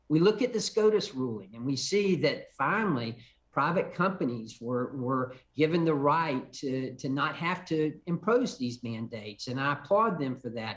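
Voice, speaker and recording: Older male congressman, emphatic, restarts his sentences, fairly high pitch. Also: fairly bright tone. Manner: emphatic, repeats words when starting sentences. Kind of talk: call-in TV interview answers.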